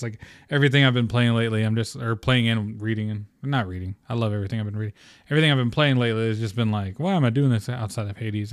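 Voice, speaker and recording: A man's voice: medium pitch, dry recording, studio quality. A man hosting a casual solo podcast, rambling with lots of "um" and "like" and swearing freely. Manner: rambling, profane, filler-heavy. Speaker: podcast host.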